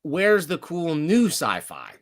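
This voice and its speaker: A man in his thirties co-hosting a podcast, chatting with enthusiasm and pausing on fillers as he searches for words. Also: a little high. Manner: enthusiastic, animated, hesitant fillers. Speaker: podcast co-host. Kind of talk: casual chat.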